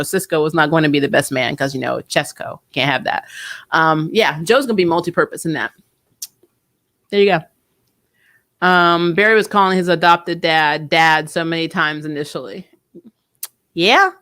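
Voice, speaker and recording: A woman hosting a casual spoiler review of TV episodes, talking in an animated way with sarcastic asides and frequent laughter. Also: lowish voice, moderate pace. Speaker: TV show reviewer, channel host.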